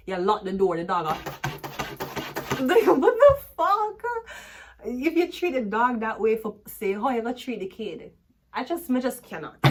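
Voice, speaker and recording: This is a Jamaican woman in the middle of a relaxed tarot reading, her voice sitting at an ordinary middle pitch. She is outspoken and crude, laughs easily, and wanders into long patois-flavored tangents between the cards. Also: background noise. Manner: blunt, profane, laughs often, patois-heavy storytelling. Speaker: tarot reader.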